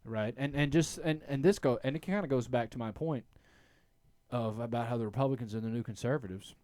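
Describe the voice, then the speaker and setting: A man hosting a podcast in a relaxed, rambling way, his voice in the middle of the range for a man. He keeps restarting his sentences and then punches words with sudden loud emphasis. The mic is close, with no room sound at all. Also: medium pitch, fairly quick, no room sound. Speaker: podcast host. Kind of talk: casual podcast chat.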